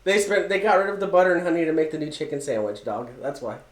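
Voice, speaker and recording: A man's voice: fairly high pitch, expressive, fast. A man on a casual podcast, telling rambling anecdotes and giggling often at his own jokes. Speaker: podcast co-host. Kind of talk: casual storytelling chat. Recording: echoey room.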